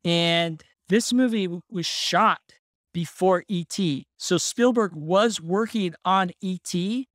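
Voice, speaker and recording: A podcast host telling a story in casual chat, relaxed and laughing often. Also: medium pitch, takes it slowly, dry recording, clean studio sound.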